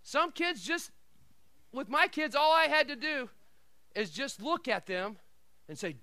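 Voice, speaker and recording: A middle-aged man preaching a sermon, swinging from quiet asides and laughter to shouted declarations. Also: very high voice, lively intonation, measured pace, pauses often, no room sound. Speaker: pastor.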